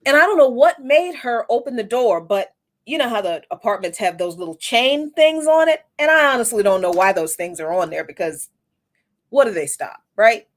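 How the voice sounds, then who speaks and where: A woman's voice: on the high side, animated, normal speed. Candid woman telling a personal story. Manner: reflective, candid, with frequent restarts and casual profanity. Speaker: podcast host.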